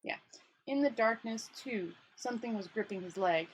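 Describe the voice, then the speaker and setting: A woman's voice: a little high, normal speed, a little hiss or hum, low-quality recording. Woman reading a novel aloud, casual. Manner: casual, stumbles and rereads. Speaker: storyteller.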